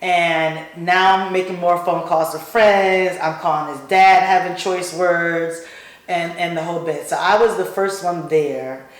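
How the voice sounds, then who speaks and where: Animated woman telling her story, acts out voices, kinda low, heavy echo. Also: a little slow. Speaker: guest speaker. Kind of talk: personal storytelling in conversation. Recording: very echoey room.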